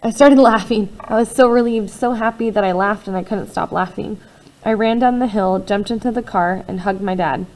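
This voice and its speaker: Female reader, first-person novel, expressive delivery that swings between hushed and loud. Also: medium pitch, normal speed, rough recording. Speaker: audiobook reader.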